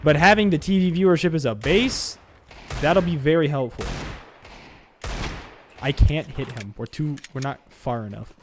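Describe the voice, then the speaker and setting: A man streaming a shooter game, rambling to his viewers between sudden excited outbursts. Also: a little high, normal speed, pauses often, noisy background. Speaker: gaming streamer. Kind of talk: live gameplay commentary chatting to viewers.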